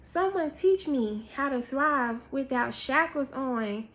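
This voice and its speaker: Female preacher, high voice, unhurried sermon delivery, dramatic repetition. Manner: animated storytelling with acted-out quotes, repetition for emphasis. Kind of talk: prophetic word, sermon-style.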